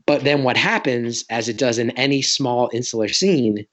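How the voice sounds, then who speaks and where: A man's voice: mid-range voice, normal speed, a bit bright. Rambling, self-deprecating man in his late 30s. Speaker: guest comedian. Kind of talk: casual podcast storytelling.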